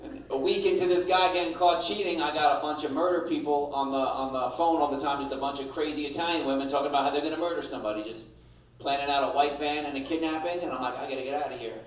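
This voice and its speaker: Brash New stand-up comic, echoey. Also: male voice, a little high, fast talker, distant mic. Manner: brash, punchy delivery with mimicked voices. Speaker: stand-up comedian. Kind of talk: stand-up comedy set. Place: comedy club stage with an audience. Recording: echoey room, picked up from afar.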